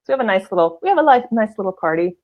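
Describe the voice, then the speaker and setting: A woman's voice: mid-range voice, sing-song, racing. A woman hosts a live-streamed chat with a casual, bubbly manner, laughing easily and calling out to viewers by name. The sound is a little dull and lo-fi. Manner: chatty, laughs often, gushing shout-outs to viewers. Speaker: host of a live show.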